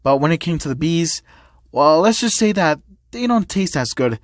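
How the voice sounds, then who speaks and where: An eager, naive teenage cat boy, read aloud by a man, full of childlike wonder and halting "um"s. The voice sits a little high and the recording is dry and close. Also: animated, no echo, close to an everyday voice. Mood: shy, confused.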